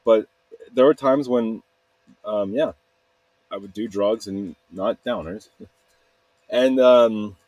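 A man's voice: on the low side, slow pace, long pauses, a little mellow, dry recording, lo-fi sound. A man talking to camera in a rambling, candid way, often laughing at himself. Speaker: video blogger. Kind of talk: casual confessional monologue.

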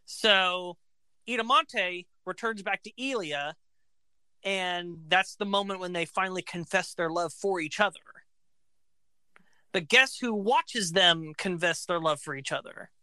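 A woman casually retelling an opera plot, animated and acting out the characters' lines. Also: fairly low pitch, measured pace, smooth, dry recording.

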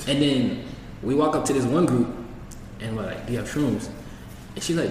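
A man's voice: medium pitch, fast, a little mellow, a little hiss or hum. A young man telling a story to friends in casual chat, laid-back and full of slang. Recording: echoey room, voice from far off.

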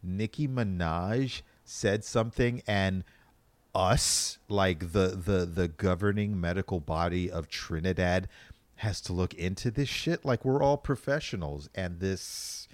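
A man's voice: low voice, a little slow, dry recording. A man voicing an irritated official from a national medical council, speaking in an exasperated official tone.

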